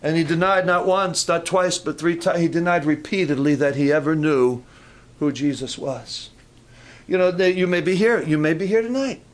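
A man's voice: a little high, normal speed. A man preaching a conversational sermon with humorous asides and frequent restarts, rising into fervent emphasis.

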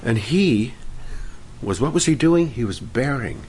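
A man leading worship and preaching a sermon, fervent in praise and gentle when he teaches. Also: medium pitch, lively intonation, unhurried, a little hiss or hum. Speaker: pastor.

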